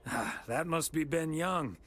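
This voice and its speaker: An actor playing a courteous mail carrier who speaks politely and makes light jokes. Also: male voice, a little high, measured pace, background noise, lightly acted. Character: polite, good-natured male mail carrier.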